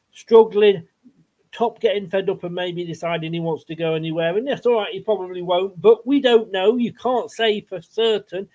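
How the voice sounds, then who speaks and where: Blunt high-voiced man. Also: a little mellow. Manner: blunt, swears, rambling with fillers. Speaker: podcast co-host. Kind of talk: casual football chat. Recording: dull lo-fi sound.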